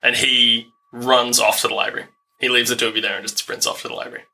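A man's voice: mid-range voice, fairly even intonation, quick pace, gravelly, pushed and bright, a little hiss or hum. A man running a tabletop game as game master, narrating scenes in a casual, descriptive way with lots of "like".

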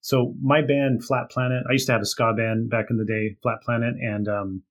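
A man with a husky, slightly breathy voice talks casually as a guest. He tells stories at length, laughing often and filling gaps with "like" and "you know". His pitch sits in the middle range. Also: flat delivery, normal speed. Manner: storytelling, laughs often, many fillers. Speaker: author and guest. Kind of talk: casual chat.

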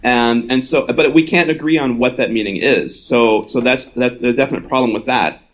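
A man of ordinary pitch gives a conversational talk at a live gathering. He is earnest and reasons aloud as he goes. He often slips into the voices of the people he quotes. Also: normal speed, rough recording. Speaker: author and invited speaker.

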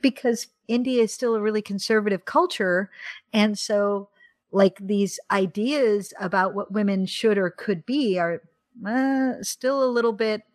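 A woman from the United States co-hosting a podcast in casual, animated chat, often laughing and exclaiming. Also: medium pitch, a little slow. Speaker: podcast co-host.

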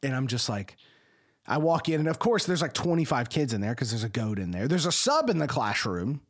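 A man's voice: medium pitch, a little fast. A man hosting a podcast who works as a school administrator, telling a story casually and acting out the people in it. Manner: animated, acts out the people in his stories.

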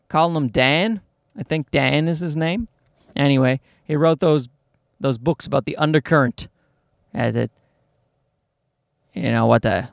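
A man's voice: a little high, creaky, no echo, clean studio sound. A man in his thirties hosting a podcast, rambling profanely and doing jokey voices for the people he quotes. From Canada. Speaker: podcast host. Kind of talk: casual comedic monologue. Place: small car-based home studio with air conditioning.

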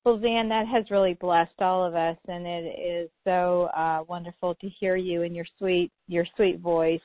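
A woman's voice: fairly low pitch, fairly even intonation, a little slow, dry recording. A woman hosting a call, effusive and giggly, full of fillers. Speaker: host. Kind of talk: casual chat on a conference call. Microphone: phone. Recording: tinny phone line, dry.

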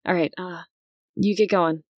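A woman's voice: on the low side, fairly even intonation, measured pace, no echo, clean studio sound. A woman voicing a nervous but kind young woman in a tabletop game, stammering and hesitant.

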